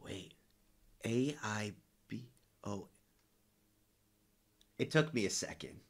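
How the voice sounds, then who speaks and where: A man's voice: on the low side, takes it slowly, faint music behind. A man streaming, reacting to clips in a casual, stammering way, swearing and laughing.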